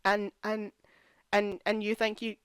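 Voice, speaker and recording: A woman's voice: mid-range voice, monotone, measured pace, clear, resonant tone, dry recording. A young woman vlogger casually reviewing a TV series, ranting in exasperation and saying "like" a lot. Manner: exasperated, ranting, heavy use of "like". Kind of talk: casual chat.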